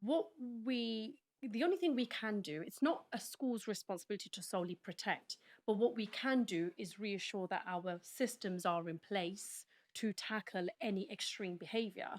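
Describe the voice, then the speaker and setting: A woman educator on a discussion panel, speaking in a measured but frank, opinionated way. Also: mid-range voice.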